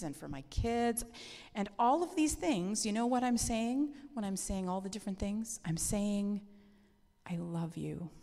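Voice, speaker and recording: A woman's voice: medium pitch, gravelly, mellow. A woman leading a children's talk in a church service, friendly and asking the children questions, with a long church-hall reverb. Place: church sanctuary.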